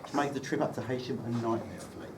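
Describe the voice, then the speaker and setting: A man's voice: mid-range voice, fairly even intonation, fast talker. A man giving a humorous wedding speech about the groom, teasing him with dry, well-timed anecdotes at a reception. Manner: dry, teasing storytelling with comic timing. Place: wedding reception room, indoors. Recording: distant mic with loud room noise.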